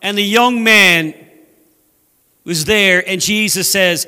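A man preaching a sermon as a guest speaker in a church, animated and acting out voices from scripture. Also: high-pitched, slow pace, clear, resonant tone, long reverb tail. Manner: animated, acts out scripture voices, laughs at own jokes. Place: church sanctuary.

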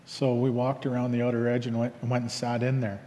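Halting storytelling man in reverberant space. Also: medium pitch, completely flat delivery, warm tone. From Canada. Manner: reflective, halting with frequent fillers, acts out both sides of dialogue. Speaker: speaker sharing his life story. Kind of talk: personal storytelling talk.

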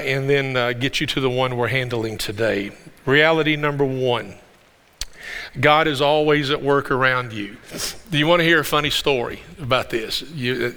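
A man's voice: mid-range voice, bright, forceful tone, clean tone. A male pastor preaching a sermon in a church, telling stories in a conversational way and repeating words as he gets going. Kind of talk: sermon with storytelling. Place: church sanctuary. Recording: long reverb of a church hall.

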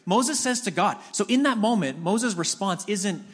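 A man's voice: expressive, normal speed, husky. A man preaching a sermon as a pastor, retelling scripture in a conversational storytelling way with frequent restarts. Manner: drops to soft low voice in prayer.

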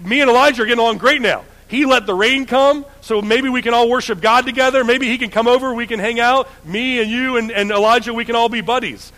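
A man's voice: very high-pitched, fairly even intonation, fast talker, few pauses, sharp tone, pitched above the performer's own voice. A man voicing a naive king who chats casually to his wife in modern slang. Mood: breezy. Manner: breezy, casual modern talk. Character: naive cheerful king, chatty husband.

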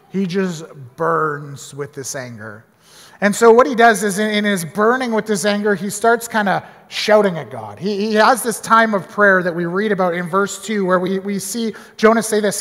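High-voiced man teaching the Bible. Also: moderate pace, big-room sound. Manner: animated, conversational, with small restarts.

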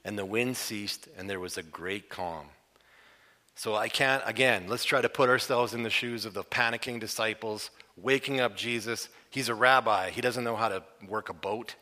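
A man preaching a sermon, telling a Bible story in a lively way and acting out the characters' panic. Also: on the low side, moderate pace, big-room sound. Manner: animated storytelling, acts out the disciples' panic.

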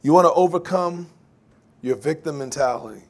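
A man preaching a sermon, animated, laughing often and acting out quoted voices. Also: a little high, normal speed. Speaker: pastor.

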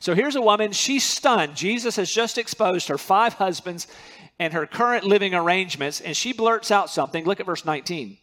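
A man's voice: high voice, lively intonation, normal speed, fairly bright tone. A man preaching a sermon as pastor, earnest and emphatic, repeating key words to drive them home.

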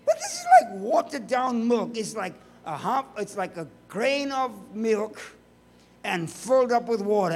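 His pitch swoops wildly, though his pace stays measured, as a high-voiced male preacher gives an emphatic sermon. He builds his case with chains of rhetorical questions and drops in joking asides along the way.

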